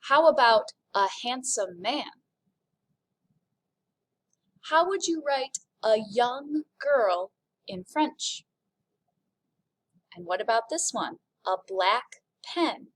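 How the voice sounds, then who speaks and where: A woman teaching a recorded French lesson, speaking slowly and clearly and modeling French phrases in an upbeat way. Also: fairly high pitch, lively intonation.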